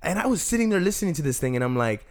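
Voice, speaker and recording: A man's voice: a little high, big pitch swings, very fast. A man chatting casually with a friend, retelling stories in a slangy way and doing the voices of the people in them. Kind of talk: casual chat.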